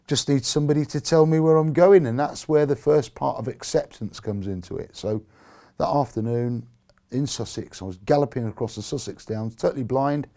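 A man's voice: medium pitch, moderate pace, warm tone. A man, a blind army veteran, telling his own story in earnest, emotional terms and acting out the dialogue he remembers. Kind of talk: personal storytelling talk.

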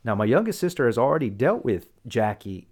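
A young man chats casually in a mid-range, slightly rough voice at a slightly quick pace. As a guest sharing a personal story, he animatedly recounts a family conflict and acts out the quoted voices.

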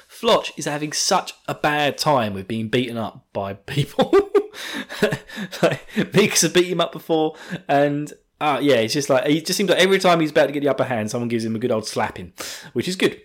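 A man's voice: on the high side, lively intonation, a little fast, fairly bright tone. A man chatting casually as a podcast host, joking and laughing often, recorded too close to his mic. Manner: jokey, laughs often, puts on silly voices. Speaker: podcast host recapping an anime episode. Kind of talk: casual chat.

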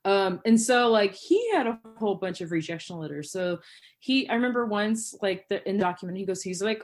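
Chatty animated woman podcast host. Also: medium pitch, a little fast, soft background music. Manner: animated storyteller, many "like" and "um" fillers. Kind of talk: casual podcast chat.

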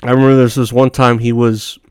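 A man spins loose, profanity-laced stories in an offhand monologue, laughing at his own punchlines. His voice comes across smooth and clean, with a dry, close sound and no room around it. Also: medium pitch, little pitch movement, a little fast, a little mellow, no room sound. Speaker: podcast host. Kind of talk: casual storytelling monologue.

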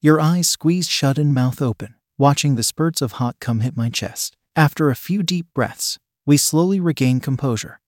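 A man narrating a scripted erotic story in a slow, even and intimate reading style. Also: fairly high pitch, no room sound, studio quality.

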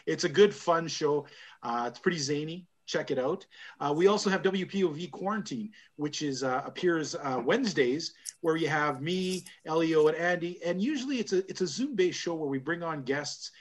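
Chatty guy hosting a podcast, laughs a lot, voice a bit high. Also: expressive, normal speed. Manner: rambling, laughs often. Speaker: podcast host. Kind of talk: casual chat.

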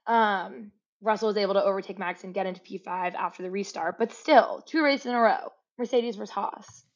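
A young woman co-hosting a casual sports podcast, chatty and quick to laugh. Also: mid-range voice. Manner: chatty, laughs often, fillers. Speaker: podcast co-host. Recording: slightly dull lo-fi audio.

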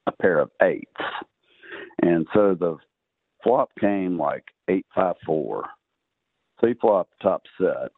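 A man's voice: deep voice, expressive, slow, long pauses, no room sound. A man with a Texan accent telling a long poker story as a podcast guest, rambling with many uhs and ums. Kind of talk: casual storytelling. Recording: dry, tinny phone-line sound.

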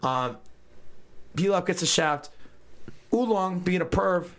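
A man co-hosting a podcast, recapping an episode in casual chat with crude jokes and quick character asides. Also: high voice, lively intonation, fairly bright tone. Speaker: podcast co-host.

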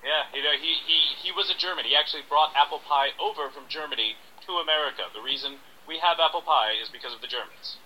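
A man's voice: fairly high pitch, bright, forceful tone, low-quality recording. A man playing a pompous, scamming acting coach in an improvised radio sketch, smug and lecturing. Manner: smug, lecturing, drawn-out emphasis.

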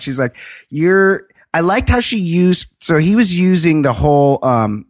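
A man co-hosting a podcast, casually recapping a dating show with lots of swearing and animated retelling. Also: on the high side, a little slow, no echo, studio quality. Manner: profane, animated retelling with laughs. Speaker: podcast co-host.

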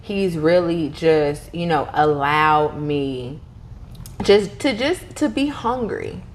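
A woman in her thirties, a podcast guest, telling stories in an animated way, with frequent restarts and laughter. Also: low voice, takes it slowly, a little hiss or hum. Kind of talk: casual interview conversation.

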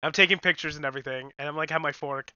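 Woman podcast co-host, bright voice, animated storyteller with cursing, lo-fi dry recording. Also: low voice, racing, smooth, dry recording. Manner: animated, swearing, acts out quotes. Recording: dull lo-fi dry sound.

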